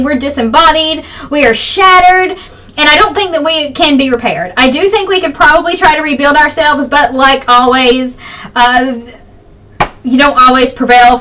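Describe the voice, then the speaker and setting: A young woman with a high, bright voice talks rapidly and rambles through her opinions in a casual home vlog. Her voice is a little froggy. She sounds some distance from the camera mic. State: slightly froggy voice. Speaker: vlogger. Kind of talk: fast casual political vlog.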